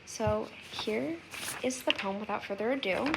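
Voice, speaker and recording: A woman's voice: medium pitch, a little slow, gravelly, fairly bright tone, slight background noise, rough recording. A young woman giving an earnest class oral presentation as a student, reading a poem aloud and reflecting on it. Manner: earnest, reflective, with occasional fillers.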